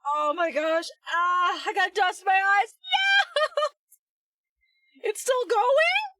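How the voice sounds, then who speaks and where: Giggly high-voiced woman streamer. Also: big pitch swings, slow, no echo, distant mic, low-quality recording. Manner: giggly, self-mocking, cheering loudly at the screen. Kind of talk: casual live-stream commentary. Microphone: headphones on, desk mic.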